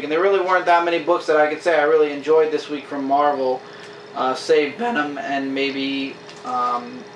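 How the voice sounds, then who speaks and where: A man chatting casually as a comic book reviewer, enthusiastic and acting out characters' lines in quick quotes. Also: fairly high pitch, fairly bright tone, recorded from a distance. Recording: echoey room, faint hiss.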